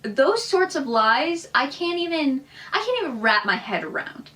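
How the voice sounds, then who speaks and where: A young woman hosting a reaction commentary, animated and incredulous, firing off rhetorical questions. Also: high voice, normal speed. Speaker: commentary host.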